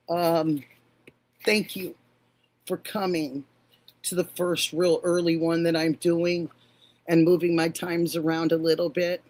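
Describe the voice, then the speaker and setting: Older woman, livestream host, slow unhurried delivery, affectionate, calls everyone honey. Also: lowish voice. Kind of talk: casual live-stream chat greeting viewers.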